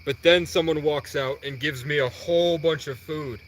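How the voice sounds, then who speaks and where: Speaking on the high side, a young male livestreamer tells a long, wandering story about himself. There's slight noise in the background, and he acts out each exchange with animation, trading quoted lines fast.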